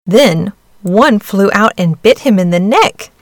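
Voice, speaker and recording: A woman narrating a storybook fairy tale in an even, measured manner. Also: mid-range voice, dry recording, clean studio sound. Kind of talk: storybook reading.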